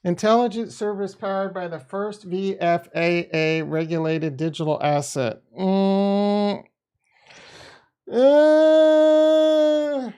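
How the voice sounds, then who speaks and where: A middle-aged man hosting a casual crypto livestream, reading viewer comments in a blunt, profane, jokey way that swings between loud and soft. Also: a little high. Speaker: crypto stream host.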